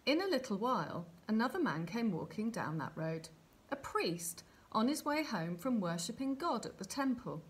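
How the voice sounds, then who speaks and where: A woman reading a Bible story aloud for children in an expressive, animated storytelling manner. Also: a little high, moderate pace.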